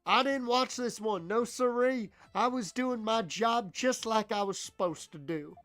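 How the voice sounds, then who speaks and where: A man's voice: sits high, measured pace, a bit bright, soft background music. A man doing a blustering, congested lazy guard. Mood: defensive. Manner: defensive, blustering, stammering.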